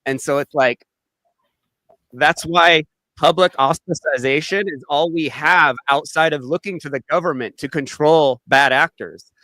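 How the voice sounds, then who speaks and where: Male host, bright and slightly high, blunt with stammered restarts, dry close sound. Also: no echo. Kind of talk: casual panel chat.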